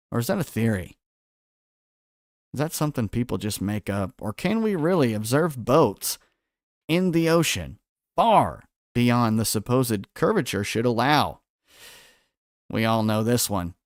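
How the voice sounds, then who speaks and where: A man's voice: mid-range voice, no echo, clean studio sound. A man hosting a quiz-style livestream, putting questions to his viewers and reading out their answers from the chat. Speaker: livestream host.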